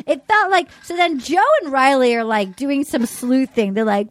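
A woman podcast host in casual chat, excitedly rambling through a recap and acting out quotes. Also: high voice, normal speed, few pauses, no echo.

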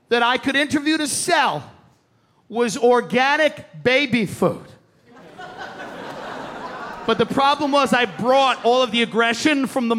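A man's voice: very high-pitched, a bit bright, a little hiss or hum. A man with a Long Island accent doing a brash, mocking stand-up set. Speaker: stand-up comedian.

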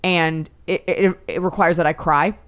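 A woman comedian chatting as a podcast guest, telling stories with animated, acted-out quotes. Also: lowish voice, measured pace, smooth. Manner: animated storytelling, acts out quotes. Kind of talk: casual podcast chat.

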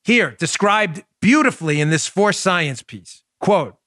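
A man in his forties with a Queens, New York accent, hosting a political commentary podcast in an emphatic, loud manner full of rhetorical questions. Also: high voice, animated, unhurried, no room sound, studio quality. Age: 40s. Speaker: podcast host. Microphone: studio microphone.

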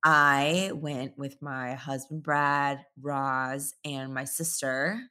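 A woman chatting casually as a podcast guest, bubbly and quick to laugh. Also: smooth. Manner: bubbly, laughs often, animated pitch jumps. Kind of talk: casual chat.

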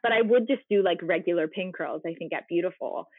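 A woman's voice: fairly low pitch, brisk, breathy edge, dry recording. A woman in casual chat, talkative and supportive, heard over a call. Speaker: stage performer. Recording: tinny phone-like dry line.

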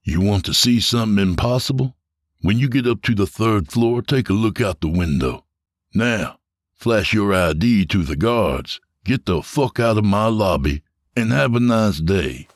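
A man's voice: fairly low pitch, lively intonation, unhurried, dry recording, studio quality. A man voicing a smug, menacing male security chief who mocks and orders people around. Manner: taunting, mocking, commanding. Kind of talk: audio drama narration.

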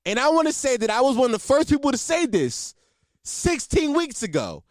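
A man's voice: very high-pitched, expressive, fast, dry recording, studio quality. A man hosting a podcast, chatting casually about a movie in a loose, emphatic way full of fillers and swearing. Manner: loose and emphatic, heavy on "like" and profanity. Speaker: podcast host. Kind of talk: casual movie review chat.

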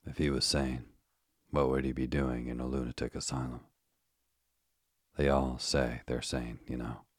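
A man's voice: very deep voice, level tone, unhurried, husky, no room sound, studio quality, exaggerated voice. A burly, callous asylum keeper, read by a man. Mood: offhand cheerful. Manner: colloquial, offhand.

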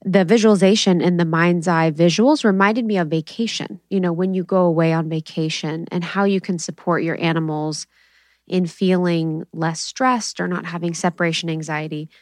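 A woman co-hosting a podcast, chatting casually and telling a story in an animated way. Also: lowish voice, moderate pace, dry recording, studio quality. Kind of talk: casual chat.

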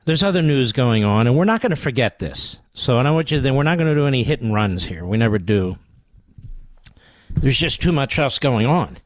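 A man's voice: mid-range voice, expressive, fairly quick, no room sound. A man hosting a political talk radio show, delivering combative, mocking commentary.

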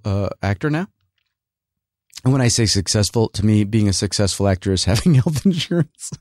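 A man's voice: fairly low pitch, a little mellow, no room sound, clean studio sound. A man hosting a casual solo rant, rambling and sarcastic, full of fillers and restarts. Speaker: podcast host and working actor.

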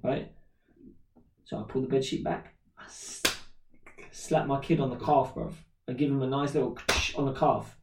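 A man, co-hosting a podcast and telling animated stories in casual chat with loud acted-out shouts. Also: mid-range voice, moderate pace, pauses often, reverberant, far from the mic, background noise. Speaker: podcast co-host.

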